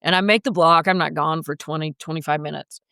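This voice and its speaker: A woman's voice: low voice, steady tone, fairly quick, gravelly, pushed and bright, clean tone, no echo, clean studio sound. A woman coach, a podcast guest, telling a personal story in a vivid, dramatic way.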